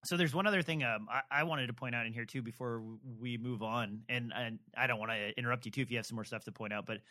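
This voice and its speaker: A man's voice: medium pitch, fast talker, sharp tone. A man co-hosting a podcast, talking casually about a book in a rambling, hesitant way. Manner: rambling, hesitant, many fillers. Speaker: podcast co-host.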